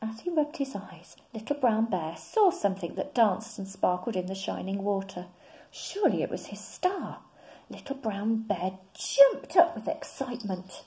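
A woman teacher reading a children's picture book aloud in an expressive way. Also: medium pitch. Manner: slow and expressive.

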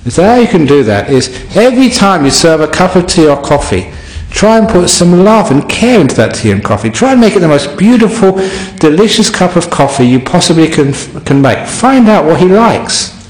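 A man's voice: a little high, moderate pace, few pauses. A man, a Buddhist monk, giving a humorous dharma talk and telling an anecdote in answer to a question. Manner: storytelling, humorous, lively. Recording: echoey hall recording.

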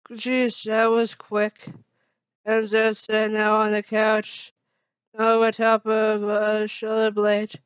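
Slow, smooth-voiced woman reading aloud. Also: a little high, dry recording, lo-fi sound. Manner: halting reading with slips and restarts. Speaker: fan fiction reader. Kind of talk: reading a fan story aloud.

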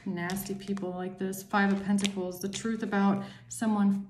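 A woman's voice: mid-range voice, little pitch movement, normal speed, darkish tone, echoey room, slight background noise. A woman doing a tarot reading for her viewers, angry and emphatic, swearing often. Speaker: tarot reader.

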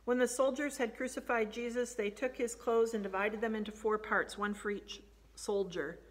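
A woman's voice: on the high side, steady tone, moderate pace. Female scripture reader, dramatic delivery that lifts for quoted speech, long hall reverb. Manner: raises voice for quoted lines.

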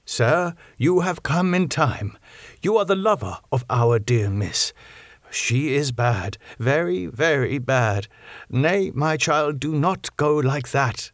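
A man reading an audiobook, voicing an elderly professor, earnest and slow in his emphasis. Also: medium pitch, animated, dry recording, studio quality, voice pushed up. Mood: grave. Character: elderly Dutch professor, grave, kindly. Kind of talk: audiobook character voice.

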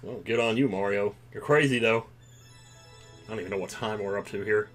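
A man giving casual, excitable commentary while playing a video game, breaking into loud outbursts. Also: fairly low pitch, brisk, soft background music. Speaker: let's play gamer.

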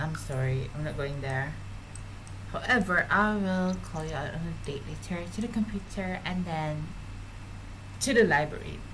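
A woman's voice: fairly low pitch, a bit bright, a little hiss or hum. A woman giving casual, giggly gameplay commentary as a YouTuber and talking straight to her viewers. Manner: chatty, giggly, addresses viewers directly. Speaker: gaming YouTuber.

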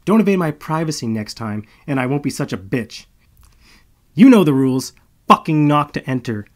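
A man voicing a foul-mouthed, hot-tempered young female vampire who snaps and curses loudly. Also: medium pitch, moderate pace, close to an everyday voice. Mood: furious. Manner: snappy, cursing, loud outbursts.

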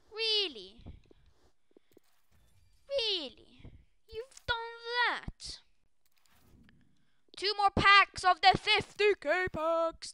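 A young woman streaming a video game live, shrieking and excitable, often breaking into shouts. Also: high voice, a little hiss or hum. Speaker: gaming streamer.

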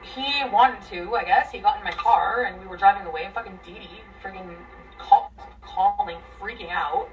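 A woman venting a tangled relationship story, profane and rambling, her voice swinging between loud bursts and near mutters. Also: mid-range voice, normal speed, recorded from a distance, lo-fi sound, a little hiss or hum. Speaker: guest telling her story. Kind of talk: emotional venting.

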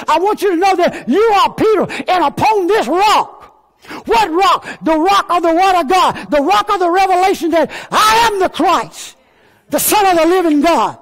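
A pastor delivers a sermon in a church. His voice sits very high for a man, and he often rises to a shout for emphasis. He fills his speech with repeated phrases and hesitations. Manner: preaching with frequent fillers and repeated phrases.

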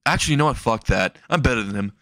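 A man's voice: mid-range voice, expressive, racing, fairly bright tone, dry recording, close to an everyday voice. Smug brash teen boy, voiced by a male reader, dismissive. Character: arrogant hot-headed teenage boy.

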